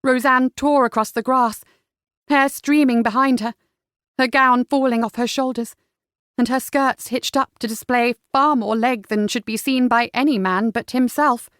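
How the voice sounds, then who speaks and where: A woman narrating a romance audiobook in a smooth, even storytelling manner. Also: fairly high pitch, normal speed, dry recording, studio quality. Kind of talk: scripted narration.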